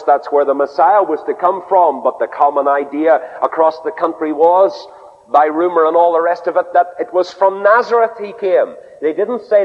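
A man preaching a sermon, telling stories earnestly and dropping low and soft for quoted words. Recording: dull radio broadcast with long reverb.

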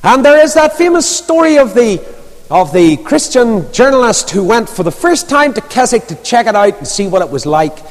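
A man preaching a sermon, telling stories with lively emphasis. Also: very high-pitched, normal speed. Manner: storytelling, animated, rising and falling emphasis. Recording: long reverb of a large hall.

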